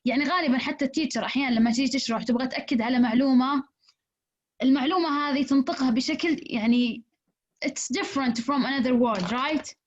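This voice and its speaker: A woman teaching an English class, explaining slowly in English and switching into rapid Arabic. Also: high-pitched. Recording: dull lo-fi recording.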